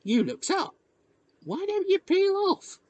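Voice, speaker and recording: A man voicing village boys in a storybook reading, raising his pitch to sound childlike. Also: big pitch swings, slow pace, a little mellow, no room sound, dull audio, heavily acted. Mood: boyish. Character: timid young boy, cheeky village lad.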